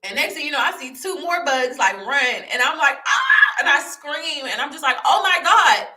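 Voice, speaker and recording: A young woman with a high-pitched voice vlogs her personal testimony at a normal speed. She tells it candidly and animatedly, repeating herself and laughing as she goes. The room echoes, and she sits a bit far from the mic.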